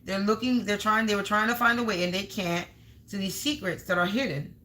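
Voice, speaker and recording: A woman doing a live spiritual card reading, speaking emphatically and piling up synonyms one after another. Her voice is bright and forward. She mixes blunt profanity into otherwise plain, mid-pitched speech. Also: steady tone, a little fast, slight background noise, rough recording.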